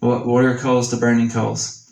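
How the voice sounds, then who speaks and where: A man with a Southern American accent teaching a Sunday school class, reading scripture slowly and explaining it in a casual, folksy way. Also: mid-range voice, monotone, gravelly, darkish tone, far from the mic. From Tennessee. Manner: reads scripture slowly and deliberately. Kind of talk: Bible teaching. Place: church classroom. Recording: echoey church room.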